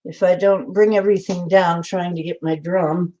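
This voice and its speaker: A woman's voice: lowish voice, fairly even intonation, moderate pace, mellow, muffled recording. A woman hosting a casual livestream from indoors at home, chatty and often laughing, greeting viewers by name. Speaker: livestream host.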